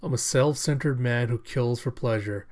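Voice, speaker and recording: A man's voice: medium pitch, normal speed, a little mellow, natural voice. A man reading as a grim older hunter. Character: older male doctor and hunter, grim and remorseful.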